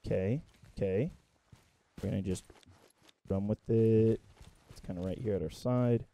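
A young man giving excitable, profane gameplay commentary, breaking into yelps and shouts as he plays. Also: fairly low pitch, unhurried. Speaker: gaming content creator.

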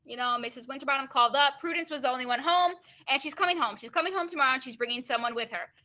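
Bright-voiced teacher reading aloud. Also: female voice, sits high, very fast. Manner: casual asides full of "like" and "you know" between expressive reading. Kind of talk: read-aloud with commentary.

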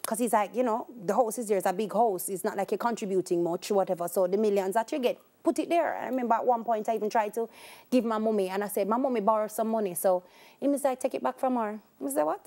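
A woman's voice: medium pitch, fast talker. A young adult woman with a Jamaican accent telling a personal story in an interview, acting out voices and slipping into patois. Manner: animated, acts out quoted voices, slips into patois. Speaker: guest.

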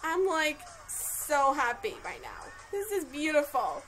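A woman hosting a live reaction to a wrestling broadcast, talking in excitable, gushing exclamations. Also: high-pitched, measured pace, faint music behind, poor audio.

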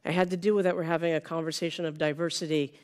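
A woman's voice: low voice, little pitch movement, very fast, darkish tone. A woman in her fifties from California gives a conference keynote in a conversational way, often checking in with the audience with "right?". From Sonoma County, California. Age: 50s. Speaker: keynote speaker. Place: conference room with a live audience.

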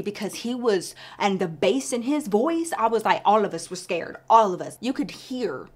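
A woman vlogger telling a story in casual, animated chat, often calling her listeners girl. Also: mid-range voice, moderate pace, hardly any pauses, husky.

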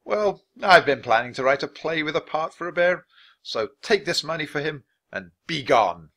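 A man's voice: on the high side, lively intonation, normal speed, a bit bright, pitched above the performer's own voice. A man voicing a kindly, assured playwright with courtly manners. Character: kindly confident adult playwright.

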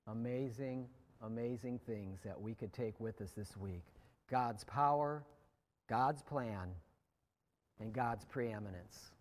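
An American man preaching a sermon as pastor, slow and deliberate, letting phrase endings drop quiet. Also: on the low side, big-room sound. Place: church sanctuary.

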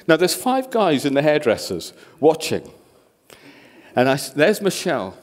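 A man preaching a sermon as a guest speaker, an animated storyteller who acts out the people in his stories. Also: fairly high pitch, unhurried.

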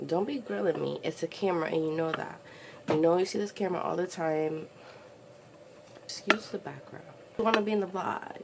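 Young woman, low fry-heavy voice, casual slangy vlogger with a loose mouth, faint hiss behind her. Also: fairly quick. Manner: chatty, slangy, swears freely, talks to her pet. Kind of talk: casual chat to camera. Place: at home, indoors.

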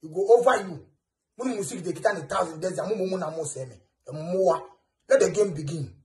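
A man's voice: high-pitched, a little fast. A Ghanaian man ranting in a taunting way, mixing English, pidgin and Twi. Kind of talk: ranting video message.

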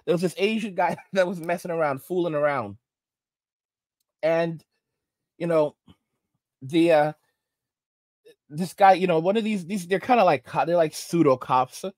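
A man hosting a commentary channel, telling stories in a halting, rambling way full of restarts and preaching about manners. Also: on the high side, a little mellow, no room sound. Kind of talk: reaction commentary monologue.

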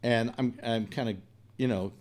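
A man's voice: mid-range voice, steady tone, moderate pace, darkish tone. An older man hosting a talk show, telling a rambling personal story in a blunt, profane, exasperated way. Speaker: radio talk host.

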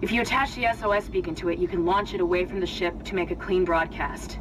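A man voicing a brisk game radio guide. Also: high-pitched, steady tone, music in the background, lightly acted, poor audio. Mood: instructive. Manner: brisk instructive. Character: calm male mission guide on the radio.

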